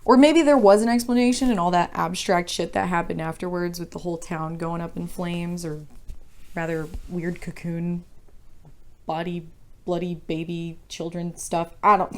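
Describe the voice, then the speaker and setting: A woman's voice: lowish voice, measured pace. A young woman casually ranting about a book she reviews, frank and exasperated, swearing freely and rambling.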